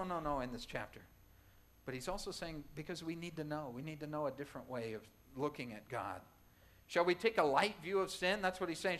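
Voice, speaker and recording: A man's voice: fairly high pitch, a bit bright. A man preaching a sermon as pastor, emphatic, repeating phrases and rising into exclamations. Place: church sanctuary.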